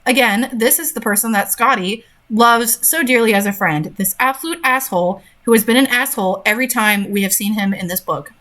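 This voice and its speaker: A woman's voice: fairly high pitch, brisk, few pauses, fairly bright tone. A young woman reading a story aloud and breaking off into sarcastic, exasperated commentary on it. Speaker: host reading and critiquing a story.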